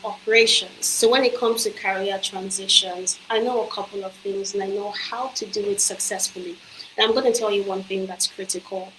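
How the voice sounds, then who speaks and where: An earnest woman at a mid pitch delivers a motivational talk to the listener, coaching them on careers. Her voice rings in a reverberant room. A faint hum of ambience sits behind her. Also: a bit bright. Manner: earnest, persuasive direct address. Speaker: company executive and career coach.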